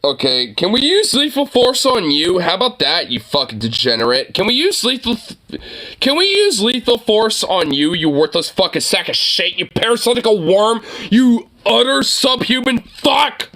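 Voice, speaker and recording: A young streamer rants at a debate clip, swearing hard and laughing between stammered lines. The pitch swings widely and the tone stays bright and sharp. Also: big pitch swings, normal speed. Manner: profane, mocking outbursts with laughter and stammering. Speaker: streamer reacting to a political debate. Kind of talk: live reaction commentary.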